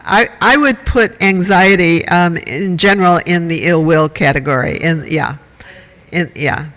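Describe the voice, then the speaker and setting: A man's voice: a little high, a little slow, bright, forceful tone. A man teaching a dharma talk to a group, conversational and wry, with asides to his listeners. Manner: conversational, wry and self-mocking, with audience asides. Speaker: meditation teacher. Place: meditation hall. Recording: long hall reverb.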